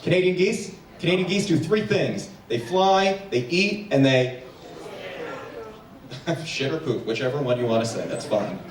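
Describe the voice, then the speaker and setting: A man from New Jersey doing a stand-up comedy set with quick crowd work on a theater stage. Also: on the high side. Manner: quick crowd work, animated voices for pets. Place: theater stage before a packed house. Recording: echoey stage sound from far off, audience noise.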